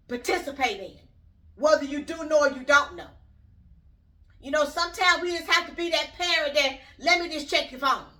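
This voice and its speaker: A woman's voice: high voice, pushed and bright, distant mic. A middle-aged woman hosting her own vlog channel, speaking bluntly and rambling straight to her viewers. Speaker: YouTube channel host. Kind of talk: casual opinion vlog.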